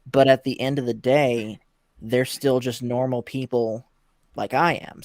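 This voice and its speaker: A channel creator earnestly explains his start on a live stream, keeping a steady, casual pace. His pitch is ordinary for a man. The recording is dry and close. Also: no echo. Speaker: YouTube channel creator, guest.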